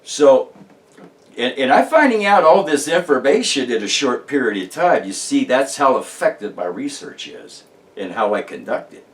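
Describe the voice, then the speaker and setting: A man's voice: mid-range voice, big pitch swings, moderate pace, distant mic. A man talking casually about his paranormal research, rambling and emphatic, with many restarts and fillers. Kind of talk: casual monologue to camera.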